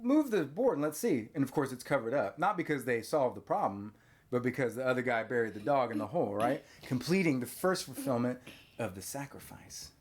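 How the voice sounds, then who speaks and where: Male host in his forties, casual movie recap, pitch swinging widely, hams up the scenes. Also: brisk. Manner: animated storyteller, acts out scenes with lively exclamations. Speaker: podcast host.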